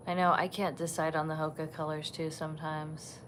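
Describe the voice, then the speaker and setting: A woman hosting a casual livestream from a resort balcony, chatting softly and gushing over the animals she sees. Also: sits low, little pitch movement, brisk, background noise. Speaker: vlog host. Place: resort balcony overlooking savanna, outdoors.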